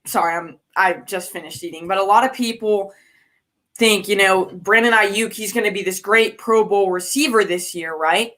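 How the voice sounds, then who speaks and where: A woman calling in to a sports talk show, chatty and a little hesitant, filling pauses with "like" and "um". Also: mid-range voice, fairly bright tone. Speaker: caller. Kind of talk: casual call-in chat.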